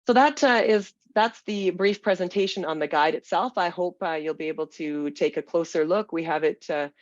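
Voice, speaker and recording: A webinar moderator with a gravelly voice, irritated by smoky air, speaking in a halting, hedging way over a video call. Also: mid-range voice, no echo. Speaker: panel moderator. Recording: dull, dry video call audio.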